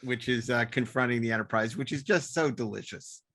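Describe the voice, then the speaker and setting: A man's voice: mid-range voice, a little fast, a bit bright. A man co-hosting a podcast in casual chat. He is enthusiastic and laughs often. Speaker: podcast co-host.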